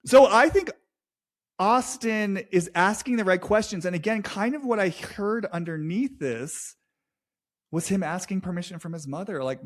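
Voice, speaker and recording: A man talks through a reality-show scene as an intuitive reader, in a casual and emotive way. His voice sits a little high for a man. He swears freely and voices what the people on screen seem to feel. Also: animated, normal speed. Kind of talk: casual commentary.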